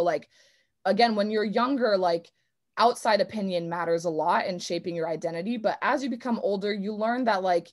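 A young adult woman, a swimmer speaking at an online convention, talking casually and earnestly with many fillers. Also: fairly low pitch.

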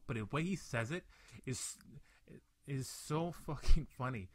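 A man's voice: medium pitch, a little slow, no echo. A young man hosting a casual podcast chat, telling a profane story full of restarts and fillers. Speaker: podcast host.

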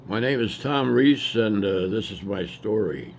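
An older actor from the South with a New York accent, telling stories from his career in a loose, rambling way with many pauses. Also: fairly low pitch, animated, creaky, faint music behind. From Southern US, Tennessee. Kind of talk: reminiscing interview monologue.

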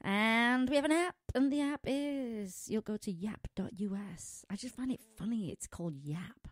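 A woman's voice: a little high, moderate pace, no room sound, studio quality. A middle-aged woman with a foreign accent, hosting a pet radio show in a chatty way and laughing often. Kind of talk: casual radio chat. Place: small studio.

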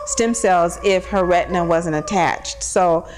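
A woman's voice: on the low side, measured pace, noisy background. A woman, mother of a young patient, telling her story in a casual, chatty way with many fillers and quoted dialogue. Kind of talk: casual personal account.

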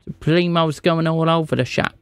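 A man's voice: a little high, steady tone, normal speed, clean tone, dry recording. A man streaming a scam-bait phone call, feigning confusion and playing dumb with the caller. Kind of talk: prank call.

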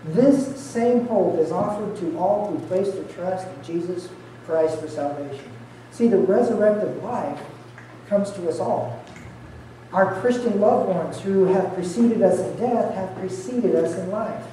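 A man's voice: high-pitched, measured pace, dark tone, recorded from a distance, a little hiss or hum. A man preaching an Easter sermon as pastor, earnestly walking his listeners through scripture verse by verse. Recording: very echoey hall, heard from afar.

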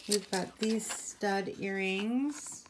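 A woman's voice: mid-range voice, drawn-out words, slight background noise. A woman chatting casually on camera at home, showing items one by one and rambling with lots of ums and apologies. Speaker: vlogger. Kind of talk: casual haul video chat.

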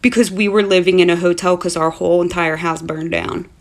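A mother telling a spooky family story to camera in a casual, animated way, acting out the voices of the people in it. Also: on the low side, brisk, vocal fry.

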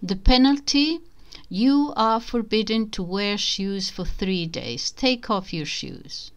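A woman's voice: mid-range voice, expressive, takes it slowly, voice pushed up. A woman voicing a stern male bureaucrat who is scandalized by rule-breaking, in a spoken storybook reading.

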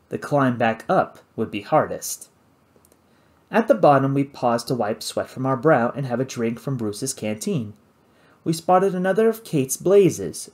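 A man narrating an adventure novel in the first person, with an expressive storytelling delivery. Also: mid-range voice. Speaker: audiobook narrator.

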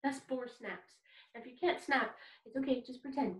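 A woman's voice: high voice, normal speed, slight background noise. A woman teaching an online kindergarten music lesson, upbeat and encouraging, leading call-and-response.

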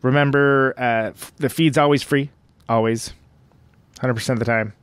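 A man's voice: mid-range voice, fairly even intonation, moderate pace, clean tone, no room sound. A man hosting a podcast, talking loosely through his intro with rambling, self-mocking asides from home. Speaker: podcast host. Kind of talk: casual podcast intro monologue.

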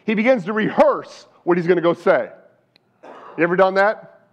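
Animated, high-voiced male pastor. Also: moderate pace. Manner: animated storytelling, asks the crowd questions. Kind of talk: sermon.

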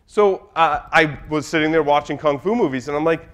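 A man's voice: a little high, a little fast, fairly bright tone. A middle-aged man giving a humorous conference talk in a room, telling anecdotes in a loose, chatty way. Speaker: conference speaker.

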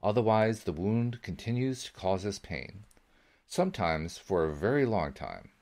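A man reading the part of an older woman, a gentle, wise grandmother who calmly reassures a boy. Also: on the low side, measured pace. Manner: calm, patient, reassuring.

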